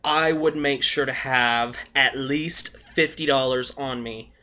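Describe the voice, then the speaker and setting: A hoarse young man giving blunt, profane tips to his viewers in a casual vlog, coughing between points. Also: medium pitch, steady tone, slow pace, sharp tone. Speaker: vlogger. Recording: dull lo-fi recording.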